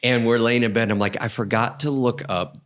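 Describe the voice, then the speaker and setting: A man's voice: medium pitch, fairly even intonation, a little fast, fairly bright tone. A man hosting a podcast, telling a story in casual chat and laughing as he goes. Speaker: podcast host.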